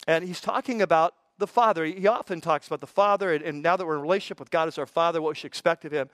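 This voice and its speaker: A man's voice: fairly high pitch, rapid-fire, a bit bright, dry recording. An older man, a pastor, preaching a sermon in a conversational way, with folksy asides and frequent stammered restarts.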